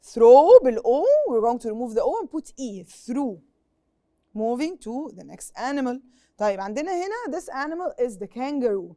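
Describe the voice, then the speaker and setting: Egyptian woman, English teacher, quick classroom explaining, mellow tone, dry studio. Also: fairly high pitch, very animated, no echo. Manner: explains in English, then repeats in Arabic, with quiz questions to pupils. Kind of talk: TV classroom lesson.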